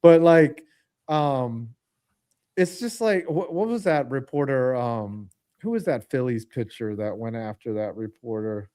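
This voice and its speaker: A man's voice: medium pitch, measured pace, dark tone, smooth. A man co-hosting a casual sports podcast, rambling and swearing as he gropes for names. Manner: rambling, profane, searching for names. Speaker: podcast co-host.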